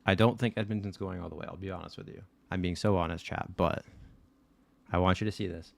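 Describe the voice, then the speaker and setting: A man hosting a live stream, chatting casually and excitedly with his viewers and swearing freely. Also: sits low, fast talker, vocal fry. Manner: excitable, swearing, talking straight to chat.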